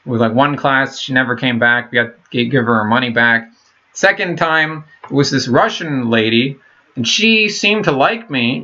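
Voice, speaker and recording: A man rambles through a casual vlog monologue in a bright, forceful voice. He talks in halting, profane bursts and restarts often. The recording is muffled and lo-fi. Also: mid-range voice. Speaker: vlogger.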